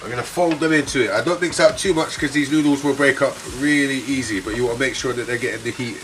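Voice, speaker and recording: A man talking through a recipe step by step as he cooks, in a relaxed casual way. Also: mid-range voice, quick pace, distant mic. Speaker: home cook host. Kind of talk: casual cooking demonstration. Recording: roomy kitchen from off-mic, with noise.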